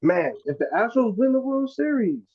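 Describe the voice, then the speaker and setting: A man's voice: extremely high pitch, sing-song, moderate pace, slightly rough. A man hosting a sports betting podcast, running the segments in slangy, profane casual talk. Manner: slangy, profane, hypes picks. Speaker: podcast host leading the segments. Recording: slightly dull sound.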